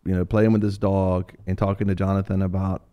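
A middle-aged man co-hosting a casual chat, telling an animated story with laughter and little voices for the people in it. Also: low voice, fairly quick, smooth. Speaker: co-host.

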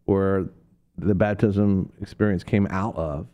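With a low, warm voice, a man delivers slow, steady-toned preaching on a radio talk program. He rambles through stories with lots of fillers and restarts, impersonating quoted people in a sudden high pitch.

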